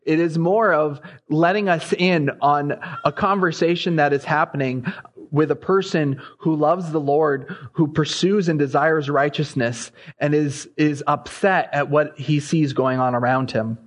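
A man with a fairly high voice preaches a sermon at a slightly slow, steady pace. He becomes impassioned, his voice rising as he reads scripture aloud.

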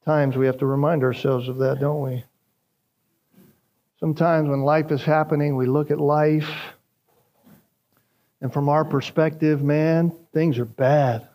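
Man, pastor, sermon, emphatic preaching, higher-pitched voice. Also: level tone, unhurried, pauses often, warm tone. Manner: emphatic preaching, rising pitch on key phrases.

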